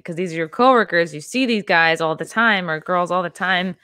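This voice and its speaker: A woman's voice: on the low side, normal speed, few pauses, bright, forceful tone, smooth, no echo, studio quality. A woman hosting a podcast interview, talking casually with lots of "like" fillers. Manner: chatty, many "like" fillers. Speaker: podcast host.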